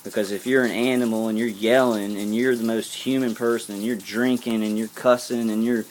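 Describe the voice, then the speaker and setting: A man's voice: on the low side, steady tone, brisk, slight background noise. A man delivering an earnest spiritual pep talk to camera, rambling and repeating himself. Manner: earnest, intense. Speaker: vlogger.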